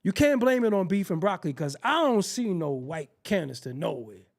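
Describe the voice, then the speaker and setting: Male host, raw comic storyteller, gravelly, wide swings in pitch, acts out voices. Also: fairly quick. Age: adult. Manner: animated, acts out voices, laughs often. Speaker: show host. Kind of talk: profane comedic storytelling.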